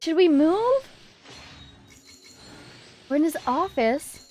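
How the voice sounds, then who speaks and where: Excitable woman game streamer, very high and bouncy voice, gushing, laughs a lot, unhurried. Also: faint music behind. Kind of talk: gameplay livestream commentary.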